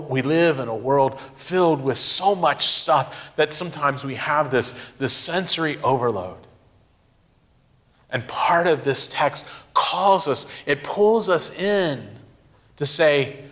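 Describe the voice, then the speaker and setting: A middle-aged man giving a sermon, speaking in a slow, reflective way with emphatic pauses. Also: on the high side, a bit bright. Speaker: pastor.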